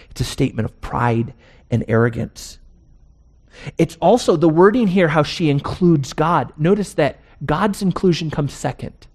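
A man preaching a sermon as pastor, emphatic, posing rhetorical questions and slowing down to stress key words. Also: on the high side, a little mellow, slightly rough.

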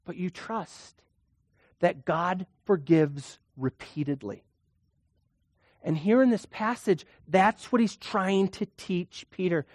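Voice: mid-range voice, takes it slowly, a little mellow, dry recording, studio quality. A preacher giving a sermon in a conversational way, full of rhetorical questions and acted-out quotes.

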